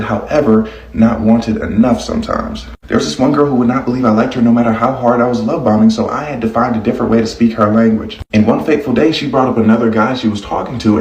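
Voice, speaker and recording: A man's voice: medium pitch, darkish tone, far from the mic. A young man telling a boastful dating story in a monologue. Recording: echoey room, off mic.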